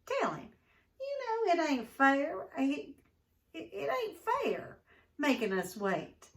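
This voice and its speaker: A woman reading aloud, voicing a feisty, outspoken young girl with raised, pleading pitch. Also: wildly swooping pitch, slow pace, a bit bright, far from the mic, full character voice. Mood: indignant. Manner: indignant, pleading, rising in pitch.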